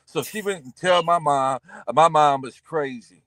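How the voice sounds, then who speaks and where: A man's voice: on the high side, lively intonation, normal speed, fairly bright tone, no room sound. A man in his fifties telling stories in a casual chat, acting out the people in them. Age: 50s.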